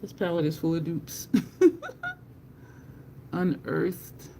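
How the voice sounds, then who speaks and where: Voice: medium pitch, little pitch movement, takes it slowly, gravelly, mellow, slight background noise. A beauty live-streamer in casual, chatty talk with viewers while swatching makeup, laughing often.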